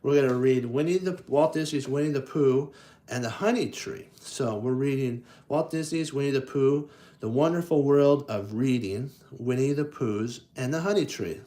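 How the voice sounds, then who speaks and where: A man reading children's picture books aloud and commenting on the pictures, halting often to correct himself and playing up the sound effects with enthusiasm. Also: medium pitch, dark tone. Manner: halting, with frequent restarts and self-corrections. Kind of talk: casual read-aloud with commentary.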